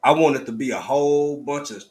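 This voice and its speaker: A man's voice: medium pitch, brisk, a little mellow. A middle-aged man hosting a livestream, talking in a heartfelt, preacherly way and calling his listeners family. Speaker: livestream host. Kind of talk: casual live stream chat.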